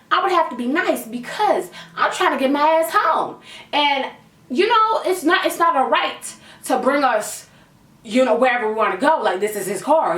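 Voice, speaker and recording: A young woman telling a storytime vlog, animated and slangy, acting out quotes. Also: high-pitched, recorded from a distance. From Canada. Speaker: vlogger. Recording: echoey room, a bit off-mic.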